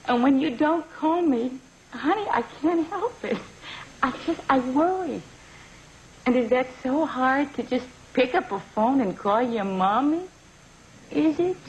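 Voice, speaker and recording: A woman playing a doting, guilt-tripping older mother on the phone in a comedy sketch, with a sing-song, pleading, melodramatic manner. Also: high-pitched. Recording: dull vintage recording with hiss.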